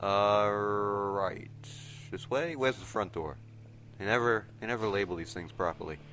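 A teenage boy with a nasal, stuffy voice from allergies, giving excitable let's play commentary and yelping at sudden moments. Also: unhurried, slight background noise. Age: teens. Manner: excitable, yelps and shouts in sudden pitch jumps. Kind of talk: casual gameplay commentary. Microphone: desk mic resting on a table.

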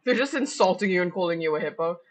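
A woman's voice: fairly low pitch, fast talker. Chatty young woman streamer. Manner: chatty, excitable, joking asides. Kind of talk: casual reaction commentary.

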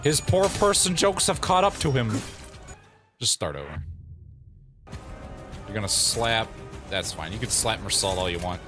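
A man's voice: on the low side, very animated, a little slow, pauses often. A young man joking and laughing as he comments on a video game he plays. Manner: wry, laughing, jokey asides. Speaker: let's play host. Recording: music playing under the voice.

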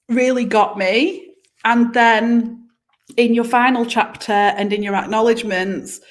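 A woman from northern England, a business coach guest in a casual chat, emotional and animated, laughing easily. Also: medium pitch.

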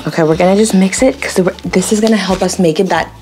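A young woman leading a toddler learning video, talking slowly and cheerfully in exaggerated teacher tones. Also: medium pitch, darkish tone, faint music behind. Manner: slow, exaggerated, cheerful teacher talk with animal noises. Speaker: children's educator.

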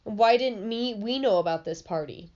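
A woman's voice: mid-range voice, expressive, moderate pace, a little mellow, close to an everyday voice. A woman voicing a boy's firm, worried mother, read from a storybook in a slightly muffled recording. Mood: stern. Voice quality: firm, questioning.

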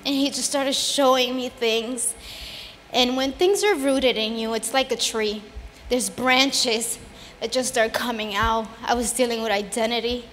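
A woman's voice: on the high side, measured pace, a little hiss or hum. A woman giving an earnest, emotional personal testimony in a church sanctuary, building into fervent preaching. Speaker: testimony speaker at a church service. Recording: long hall reverb with soft music behind.

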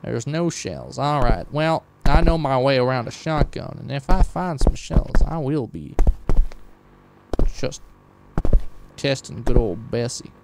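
A man voicing a folksy, rough country man during gameplay, with an uneven put-on country drawl. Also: medium pitch, lively intonation, unhurried, noisy background. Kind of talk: in-character gameplay commentary.

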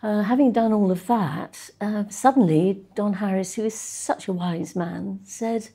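An older woman in an interview, telling stories about her research career in a chatty, anecdotal way, with soft laughs and frequent pauses. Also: mid-range voice, creaky, husky. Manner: anecdotal, chuckling, with frequent ums and restarts. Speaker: interviewee, social policy researcher. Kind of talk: reflective conversational interview.

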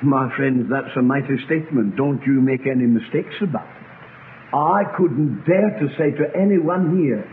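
A man, a pastor, preaching a sermon to a congregation, swinging between loud cries and quiet low asides. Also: a little slow. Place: church congregation. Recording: tinny lo-fi archive sermon recording with faint noise.

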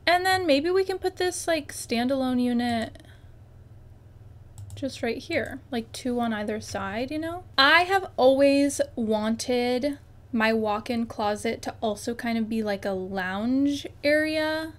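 A young female gaming YouTuber chats casually through a life-sim game in a fairly high-pitched, slow voice. Bubbly and exclamatory, she often addresses the objects on screen directly.

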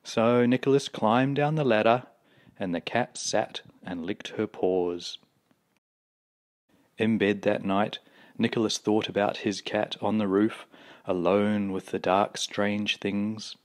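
A man reading a children's picture book aloud, with slow, expressive storytelling. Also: on the low side.

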